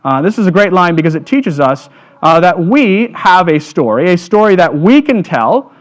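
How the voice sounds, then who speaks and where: A man speaks at a church Lenten supper, reflecting on a passage in a halting, conversational way. His voice sits a touch high, and he keeps checking in with "right?" between thoughts. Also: sing-song. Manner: halting, many "uh"s and "right?" tags. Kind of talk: lenten devotional talk.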